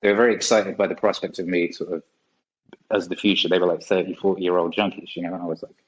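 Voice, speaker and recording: A man's voice: deep voice, little pitch movement, quick pace, dull audio. A man in his forties, a guest on a podcast, telling rambling stories in a casual way and swearing often. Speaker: guest musician. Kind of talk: casual storytelling.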